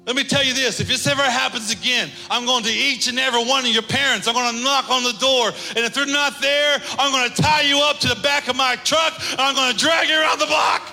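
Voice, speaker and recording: A man voicing a furious, protective father who shouts threats at bullies, in a reverberant hall. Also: very high-pitched, fairly even intonation, brisk, few pauses, soft background music, pitched above the performer's own voice, full character voice.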